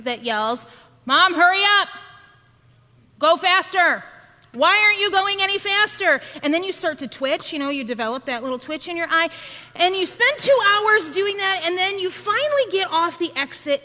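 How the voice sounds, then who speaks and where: A woman podcast host preaching a sermon, telling an animated story and acting out her children's voices. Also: high voice. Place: church sanctuary. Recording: long reverb of a church hall.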